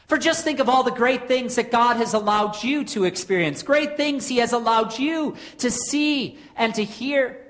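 A woman preaching a sermon in an earnest way, posing rhetorical questions with dramatic pauses. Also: on the high side.

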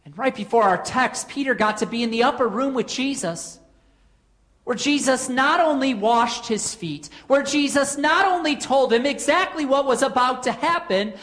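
A woman preaching a sermon in an earnest way, posing rhetorical questions with dramatic pauses. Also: high-pitched, expressive, a bit bright.

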